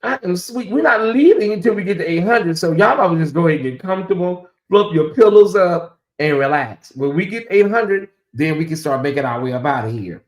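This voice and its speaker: A middle-aged man hosting a casual livestream, talking straight to his chat in an animated, teasing way. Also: high voice, a little fast, few pauses. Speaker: livestream host. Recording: echoey room.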